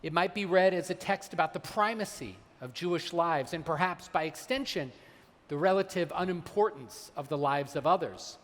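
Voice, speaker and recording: A man, a rabbi, delivering a holiday sermon, slowing down and weighing his words when he quotes sacred texts. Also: fairly high pitch, a bit bright. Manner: measured, slows for emphasis on quoted texts. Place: large synagogue sanctuary. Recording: long hall reverb.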